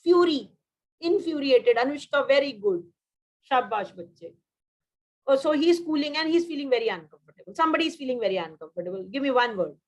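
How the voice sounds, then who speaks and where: A woman with an Indian English accent teaches a vocabulary class, drilling synonyms, praising students quickly, and switching into Hindi mid-sentence. Her voice is high and expressive, and the recording quality is low.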